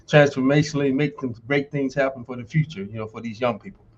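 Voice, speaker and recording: A man's voice: medium pitch, quick pace. Southern guy in his 60s, laid back, keeps saying man, kinda dull lo-fi audio. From North Carolina. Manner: easygoing, says "man" often. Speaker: guest, former football player. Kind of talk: casual interview chat.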